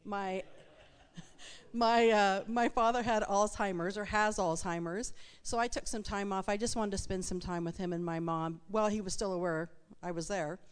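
A woman with a smooth, clear, mid-pitched voice speaks to a church congregation. She is friendly and conversational, talking as if to friends. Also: fairly even intonation, moderate pace. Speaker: guest speaker. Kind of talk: casual church talk. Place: church sanctuary.

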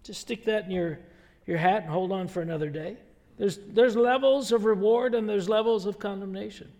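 A man's voice: sits high, normal speed, darkish tone. A male pastor preaching a sermon in a conversational, emphatic way, full of rhetorical questions. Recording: long hall reverb.

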